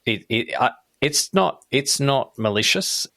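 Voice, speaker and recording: A man's voice: mid-range voice, animated, unhurried, gravelly, bright, forceful tone, no room sound, studio quality. A middle-aged man co-hosting a podcast in casual chat, rambling with many restarts and "right?" tag questions. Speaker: podcast co-host.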